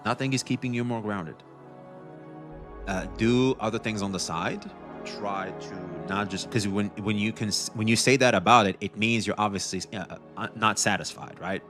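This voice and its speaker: A man's voice: on the low side, moderate pace, over music. A young man streaming, chatting casually and rambling with frequent restarts, swearing freely. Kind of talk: casual livestream chat.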